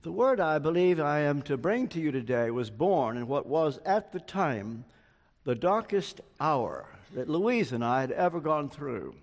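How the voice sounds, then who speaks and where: An older man preaching a sermon in a large church hall, slow and earnest, telling personal stories. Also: a little high, sing-song. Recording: long hall reverb.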